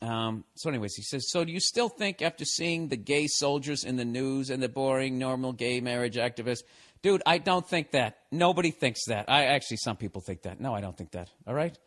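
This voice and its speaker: A man's voice: medium pitch, fairly quick, a bit bright. A man in his forties from the United States talks through a solo podcast episode. He reads a listener's email aloud and answers it with a profane, sarcastic rant. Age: 40s. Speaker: podcast host. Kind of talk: casual podcast monologue reading a listener email.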